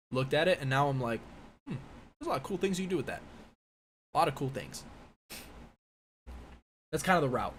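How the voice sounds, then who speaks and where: A man's voice: medium pitch, slight background noise. A man in his twenties from the United States, hosting a casual live-stream Q&A and reading chat questions aloud. He rambles, with many fillers and restarts. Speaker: live-stream host, physics PhD student. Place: indoor room with a window.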